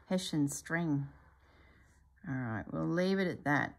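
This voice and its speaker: Middle-aged woman, embroidery tutor; slow, gravelly, quietly musing delivery with frequent soft whispers. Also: deep voice. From Australia. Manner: calm, musing, often slipping into a soft whisper. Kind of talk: stitch-along craft tutorial.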